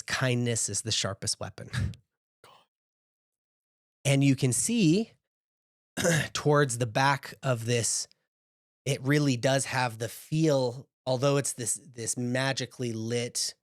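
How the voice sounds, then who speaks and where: A male game master narrating a tabletop game in an unhurried, descriptive way, dropping in casual asides as he sets each scene. His voice sits in a middle register and is recorded dry and close, with no room sound. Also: mid-range voice, no room sound.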